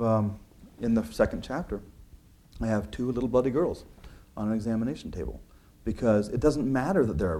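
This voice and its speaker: A man's voice: mid-range voice, mellow. A man talking through his book's ideas in an earnest, conversational way, with frequent restarts and filler words. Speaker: author discussing his book. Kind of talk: conversational talk.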